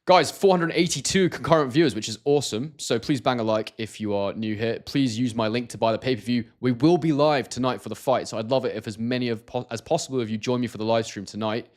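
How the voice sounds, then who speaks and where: A man's voice: medium pitch, fast talker, few pauses. A man from Scotland hosting a casual live stream, reading out viewer comments and talking with many hesitations and restarts.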